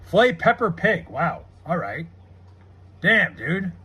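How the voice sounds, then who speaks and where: A man's voice: sits high, big pitch swings, slow pace, bright, forceful tone, breathy edge. A man live streaming, chatting casually, reading chat aloud and swearing in frustration over a baseball game. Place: home room with TV.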